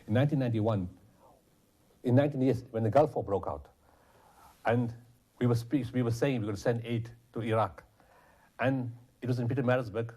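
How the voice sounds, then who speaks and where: Fast-talking man, passionate. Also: medium pitch, mellow. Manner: passionate, quotes others in dialogue. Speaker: guest, charity founder. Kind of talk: interview storytelling.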